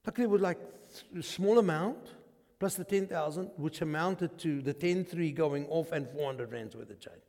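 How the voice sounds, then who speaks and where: Man, South African accent, pastor, lively hushed-to-loud storytelling, echo of a big church hall. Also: fairly high pitch, normal speed, gravelly. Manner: animated storyteller, swings from hushed to shouting. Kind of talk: sermon testimony.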